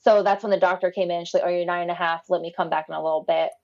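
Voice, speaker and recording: A woman telling her own story casually on a podcast, animated, acting out what people said with lively voice changes and frequent laughs. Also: lowish voice, rapid-fire, lo-fi sound.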